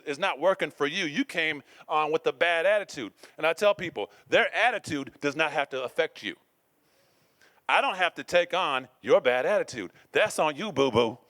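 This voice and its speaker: A man preaching a sermon with a somewhat high voice. He talks in call-and-response style and swings between loud declarations and hushed asides. The recording is dry and close, with little room sound. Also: no room sound.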